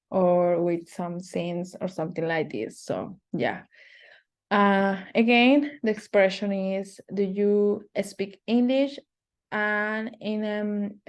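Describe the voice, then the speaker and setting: A woman teaching phrases in English, speaking haltingly with many fillers and restarts. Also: mid-range voice, a little mellow. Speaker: Spanish teacher. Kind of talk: online language lesson.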